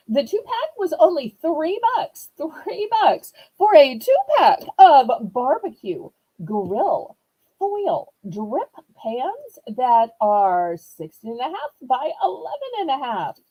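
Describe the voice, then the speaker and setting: A woman with a Southern accent and a high, warm voice hosts a live online auction, chatty and upbeat as she shows items and playfully sings the prices. It's a live home shopping sale, and the recording is rough.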